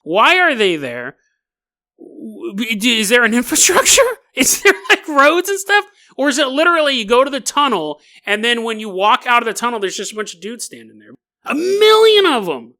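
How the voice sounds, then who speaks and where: A man hosting a comedic podcast monologue, talking in an animated, mocking way and laughing often as he reads. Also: very high-pitched, normal speed. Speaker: podcast host.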